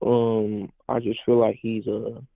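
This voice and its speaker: A nineteen-year-old man from Mississippi calling into a show, speaking in a hesitant, halting way. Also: fairly low pitch, little pitch movement, vocal fry. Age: teens. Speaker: caller. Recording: tinny phone line.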